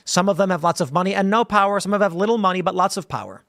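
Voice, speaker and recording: A man's voice: high voice, racing, creaky, fairly bright tone, no room sound, studio quality. A man hosting a casual commentary show, answering viewer questions in a rambling, conversational way and acting out quotes. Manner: rambling, conversational, with many restarts and acted-out quotes. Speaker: host.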